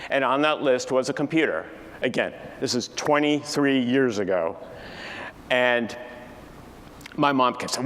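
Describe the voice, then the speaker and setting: Older male keynote speaker, animated storyteller, recorded in a reverberant conference hall. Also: mid-range voice, measured pace, long pauses, a little hiss or hum. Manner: animated storytelling, acts out family dialogue. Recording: distant echoey hall with faint ambience.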